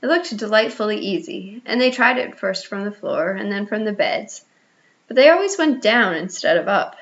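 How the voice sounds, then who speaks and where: A woman narrating a children's storybook in an expressive reading voice, with small restarts. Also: mid-range voice, moderate pace. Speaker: audiobook reader. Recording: slightly muffled lo-fi audio.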